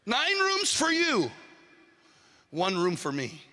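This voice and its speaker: Preacher doing a desperate pleading man: high, strained, indignant, echoing hall. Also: wildly swooping pitch, takes it slowly, bright, forceful tone, heavily acted. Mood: bargaining. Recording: long hall reverb.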